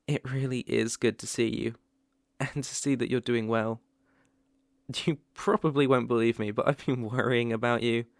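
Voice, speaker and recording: A tender, remorseful young ex-boyfriend with a British accent, as a man plays him in a whispered role-play. His voice carries a gravelly, fry-laden edge and he lingers slowly over each halting phrase, close and dry on the mic. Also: mid-range voice, no echo. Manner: hesitant, halting, with soft laughs. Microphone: close mic, ASMR.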